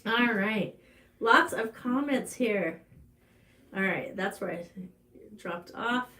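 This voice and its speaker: A woman with an Ozark American accent speaks slowly in a bright, forceful tone while hosting a farm channel's live stream. She tells a personal story chattily, with fillers and restarts, her voice going high on the emotional parts.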